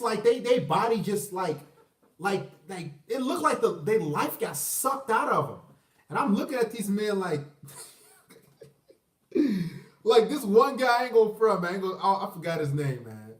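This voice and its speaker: A man's voice: high-pitched, far from the mic. A man giving a profane, rambling, casual rant to camera, often breaking into laughter. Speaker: vlogger. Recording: roomy, from the mic.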